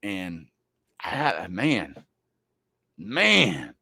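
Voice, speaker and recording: This is a lower-voiced man, talking casually on a football livestream. He jokes and trash-talks bluntly, and his voice sits close and dry on the mic with no room around it. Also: huge pitch swings, drawn-out words, creaky, pushed and bright, slightly rough, no room sound. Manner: joking, blunt trash talk with a Southern drawl of words. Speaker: sports livestream host.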